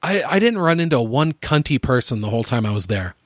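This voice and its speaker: A man's voice: mid-range voice, very animated, fairly quick, no room sound, studio quality. A young man telling a travel story in casual chat, rambling and swearing, laughing often. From United States. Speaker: podcast co-host.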